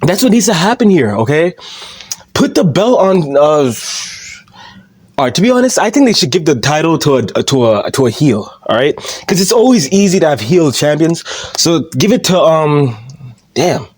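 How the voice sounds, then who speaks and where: A man's voice: a little high, very animated, moderate pace, breathy edge. A young man ranting casually about wrestling in a profane, heated, mocking way. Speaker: vlogger. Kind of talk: casual rant.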